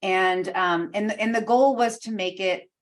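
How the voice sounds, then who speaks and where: A woman's voice: medium pitch, fairly even intonation, a little slow. A woman co-hosting an interview podcast, explaining in an earnest way and peppering her talk with "you know". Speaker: guest co-host.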